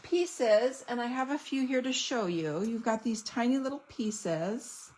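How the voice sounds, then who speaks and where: A woman's voice: a little high, unhurried, few pauses, darkish tone, rough recording. A woman showing off craft products in a casual unboxing video, gushing and chatty. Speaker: stamping demonstrator.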